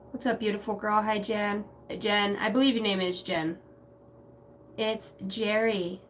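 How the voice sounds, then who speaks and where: A woman's voice: medium pitch, flat delivery, measured pace, fairly bright tone. A woman hosts an intuitive reading livestream, drifting from thought to thought in a reflective, chatty way with the odd curse word. She sits some distance from the mic. A faint hum of background noise lingers under her voice. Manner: meandering, reflective, casually profane. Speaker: tarot and intuitive reader.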